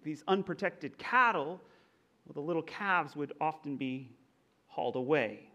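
A young man from Texas with a faint Texan accent, preaching a conversational sermon as pastor with a relaxed, self-deprecating manner. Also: fairly high pitch, a little slow.

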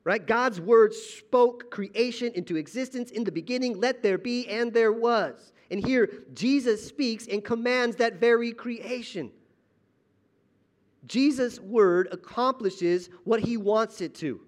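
A man pastor preaching a sermon in a church auditorium, dramatic, swinging between loud emphasis and hushed asides. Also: very high-pitched, slow pace.

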